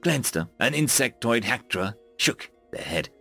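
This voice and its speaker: A man narrates a military science fiction story in a middle-pitched voice. His delivery is dramatic and swings widely in pitch. Faint music plays underneath. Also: measured pace, vocal fry. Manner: lively, dramatic reading with raised voices for dialogue. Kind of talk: scripted sci-fi story narration.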